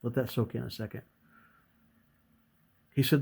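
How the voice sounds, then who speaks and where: A man's voice: medium pitch, moderate pace, pauses often. Middle-aged male speaker, earnest motivational storyteller, mid-range voice. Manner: earnest storytelling, acts out past dialogue. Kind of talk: motivational talk to camera.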